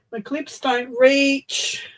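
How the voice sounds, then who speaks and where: A woman's voice: sits high, low-quality recording. An Australian woman hosting a casual crafting livestream, chatting to viewers as she glues and assembles a project. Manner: chatty, talks while working with her hands.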